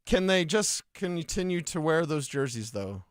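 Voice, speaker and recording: A man from Colorado co-hosting a sports radio show, bantering casually with quick interjections. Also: on the high side, sing-song, no room sound, studio quality. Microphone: studio mic.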